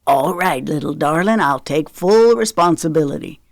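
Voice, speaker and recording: A woman voicing an easygoing older male rancher father with a relaxed, fond drawl in an audiobook. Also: sits low, moderate pace, dry recording, clean studio sound.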